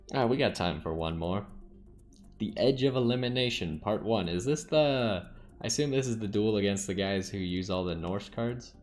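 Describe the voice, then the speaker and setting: A man with a fairly low voice gives relaxed commentary, talking through his card game plays as he thinks them out. Faint game music plays under his voice. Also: moderate pace. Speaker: gaming channel host.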